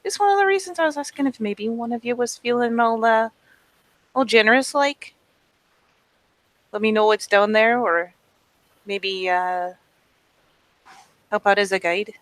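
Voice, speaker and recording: A woman's voice: on the high side, a little slow, pauses often, a bit bright, no room sound, rough recording. A woman playing her character in a tabletop game, talking casually and folksily with plenty of filler words. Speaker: player. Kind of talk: in-character role-play.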